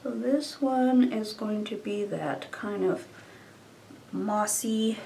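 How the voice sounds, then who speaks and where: A woman's voice: medium pitch, slow, gravelly, dark tone. Young woman, casual makeup vlog chat, a bit far from the mic, faint hiss. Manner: chatty, thinking aloud, trailing off. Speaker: beauty vlogger.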